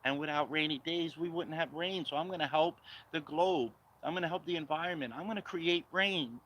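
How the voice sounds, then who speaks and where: A man's voice: fairly high pitch, a little fast, fairly bright tone, a little hiss or hum, voice pushed up, lightly acted. A man putting on a mocking impression of a woman politician who talks in circles and speaks down to people. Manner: singsong, circular, talking down.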